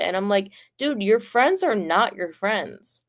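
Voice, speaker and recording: A woman streamer telling a personal story casually, rambling and filled with "like", swearing freely and getting animated. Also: mid-range voice, measured pace, few pauses.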